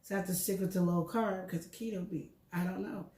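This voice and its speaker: A woman's voice: fairly low pitch, fast, roomy sound. A middle-aged woman co-hosting a show, chatting candidly about her health and telling stories with acted-out dialogue. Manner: candid, animated storyteller acting out dialogue. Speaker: show co-host. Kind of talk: casual health chat.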